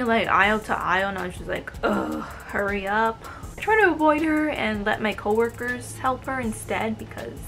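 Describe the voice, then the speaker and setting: With a fairly high, slightly bright voice, a twenty-something woman from the United States tells work stories from retail. Her casual storytime narration carries a sarcastic, fed-up edge.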